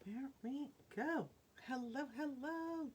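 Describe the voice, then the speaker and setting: A woman with a Rhode Island accent hosts a casual live jewelry sale from her home. Her voice sits a little high and she talks slowly and easily. She chats with her viewers, greets them by name and laughs often. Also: a little mellow, a little hiss or hum. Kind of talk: casual live-stream selling chat.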